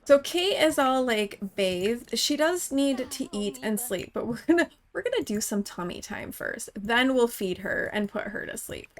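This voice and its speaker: A woman's voice: on the high side, animated, a little slow, hardly any pauses. A woman hosting her own gaming channel, giving chatty let's-play commentary and talking straight to the characters in her game.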